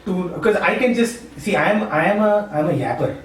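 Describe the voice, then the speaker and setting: His voice is high and expressive, and he moves at a fairly quick pace: a man from Maharashtra, India, who teaches at a university and leads satsangs, giving an informal spiritual talk. He speaks conversationally, laughs softly and often asks "right?" The echoey room, faint hum and far-off mic are noticeable.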